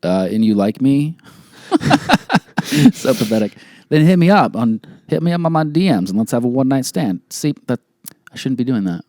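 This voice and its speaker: A man's voice: mid-range voice, lively intonation, moderate pace, dark tone, dry recording, clean studio sound. A man in his thirties co-hosting a podcast, chatting casually in a joking, crude, self-mocking way. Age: 30s. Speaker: podcast co-host.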